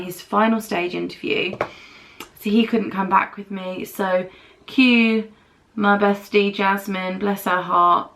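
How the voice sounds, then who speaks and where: Doing her makeup on camera, a young woman with a British accent spins a meandering get-ready-with-me tale, acting out what others said. She speaks in a mid-range, creaky voice that has a fairly bright quality.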